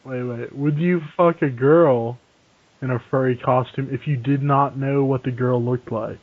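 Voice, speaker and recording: A man's voice: medium pitch, fairly even intonation, a little slow, no echo. A man co-hosting a podcast, teasing the guest with provocative questions. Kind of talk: casual podcast chat. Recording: dry, phone-like audio.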